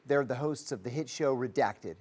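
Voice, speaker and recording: A man's voice: mid-range voice, moderate pace, background noise. A man hosting a studio talk show, earnest, with rising emphasis as he makes his points. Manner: earnest, rising emphasis, acts out quoted voices. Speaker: host.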